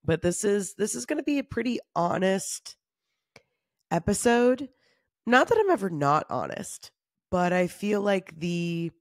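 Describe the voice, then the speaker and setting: Alone at the mic of her own podcast, the woman speaks openly and confessionally, weary and run down, with casual laughs and a swear here and there. Her voice is lowish, and the clean studio sound has no room sound.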